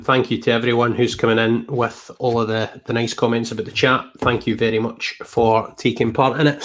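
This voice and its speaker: A man's voice: mid-range voice, fairly bright tone. A man with a Scottish accent hosting a football podcast, chatty and upbeat as he signs off, on a video call. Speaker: podcast host and football commentator. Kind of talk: casual podcast sign-off.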